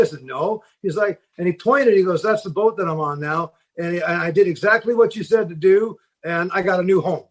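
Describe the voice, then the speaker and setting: A man's voice: sits high, a little fast, hardly any pauses. A middle-aged man from Seattle, a fishing boat captain, telling stories in a rambling podcast interview, full of fillers and restarts. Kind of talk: casual storytelling in a podcast interview.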